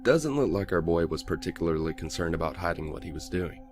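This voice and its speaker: A man voicing a gruff, deep crime scene investigator. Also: lively intonation, fast, over music. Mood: grim. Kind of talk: audiobook character voice.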